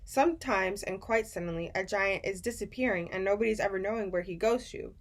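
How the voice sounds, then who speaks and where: A very old, kindly giant , played by a woman reading a storybook aloud, booms out his jumbled, ungrammatical words and stretches them slowly. His voice sits at a middling pitch and carries a gentle, muddled warmth. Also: natural voice. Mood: musing. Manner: booming, drawn-out, ungrammatical folksy speech. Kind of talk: audiobook reading.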